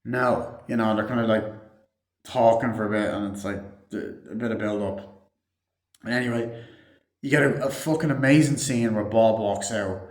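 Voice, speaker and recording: A man's voice: fairly low pitch, moderate pace. A man giving a casual, rambling movie review full of fillers and swearing. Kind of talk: casual spoken film review. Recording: echoey room.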